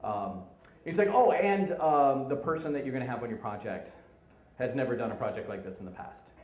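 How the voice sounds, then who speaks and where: A man's voice: medium pitch, a little fast, reverberant, rough recording. Man telling a comic story live. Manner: animated, comic, acts out quoted people. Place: stage in a venue.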